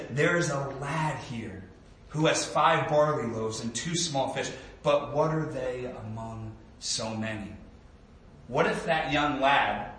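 Pastor, man, 30s, relaxed conversational sermon with fillers, bright tone, distant mic in a reverberant church. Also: on the high side, slight background noise. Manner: conversational, with frequent fillers and restarts; animated storybook reading voice. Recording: echoey room, speaker away from mic.

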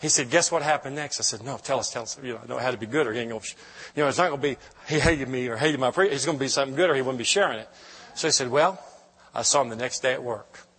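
A middle-aged man with a husky, slightly bright mid-range voice speaks in rapid bursts as a guest preacher in church. He tells an emotional testimony in a storytelling way, restarting his sentences again and again. The recording carries a long hall reverb.

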